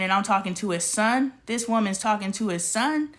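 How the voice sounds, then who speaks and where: Animated woman telling a story. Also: mid-range voice, normal speed. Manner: animated storyteller acting out dialogue; spiritual, preachy asides. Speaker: vlogger. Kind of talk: casual storytime monologue.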